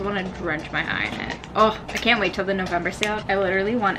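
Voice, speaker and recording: A woman's voice: mid-range voice, fast, background noise. A woman in her twenties chatting casually to the camera in a vlog, bubbly and giggly. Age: 20s. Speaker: vlogger.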